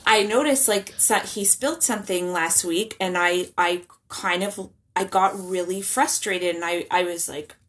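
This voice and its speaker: Chatty woman, slightly low voice. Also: measured pace, few pauses, a bit bright. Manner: chatty, many restarts and fillers. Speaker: guest speaking about parenting. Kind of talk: casual interview talk.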